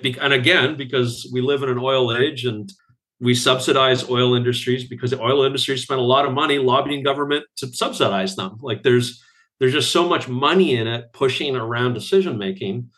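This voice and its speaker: A man, an architect guest on a podcast, talking casually and acting out quotes from others with bursts of laughter. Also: medium pitch. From Canada. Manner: animated storyteller, acts out quotes with laughs.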